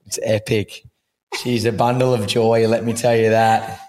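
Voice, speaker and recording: A man's voice: on the low side, level tone, unhurried, darkish tone, a little hiss or hum. Young aussie guy on a podcast, chill and jokey, swears a fair bit. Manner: laid-back, jokey, swears casually. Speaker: podcast co-host. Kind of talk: casual chat.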